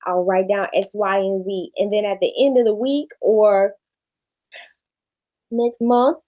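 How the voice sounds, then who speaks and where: Woman, shop owner, casual chat, animated storytelling, average pitch. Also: unhurried, highs cut off.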